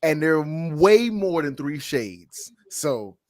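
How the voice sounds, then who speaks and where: Playful teasing guy, kinda high voice, swoops up and down a lot. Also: very animated, takes it slowly, darkish tone, no echo. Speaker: guest reviewer. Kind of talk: casual review chat.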